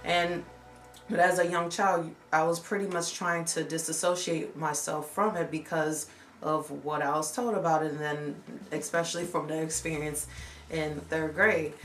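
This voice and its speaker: Candid young woman vlogger, low voice. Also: normal speed, echoey room, soft background music. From United States. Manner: candid, reflective, animated when retelling. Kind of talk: personal story time.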